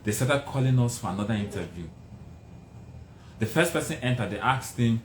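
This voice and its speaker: A man's voice: medium pitch, moderate pace, pauses often. A middle-aged man with a Nigerian accent, telling his life story emphatically as a motivational speaker. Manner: emphatic, animated, dramatic repetitions. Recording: roomy with faint noise.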